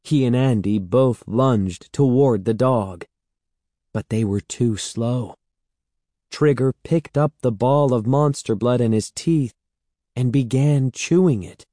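Slow, mellow male storyteller. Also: medium pitch, dry recording, studio quality. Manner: steady, measured storytelling. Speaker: narrator. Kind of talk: audiobook reading.

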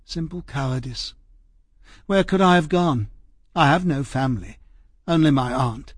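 A man reading the part of a tired, hurt middle-aged female housekeeper in an audiobook, speaking quietly and haltingly. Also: mid-range voice, breathy edge, no room sound, clean studio sound. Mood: weary. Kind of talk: audiobook character voice.

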